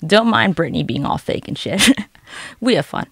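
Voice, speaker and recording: A woman's voice: medium pitch, expressive, a little fast. A young woman giving sarcastic, profane, rambling comedic commentary over online videos.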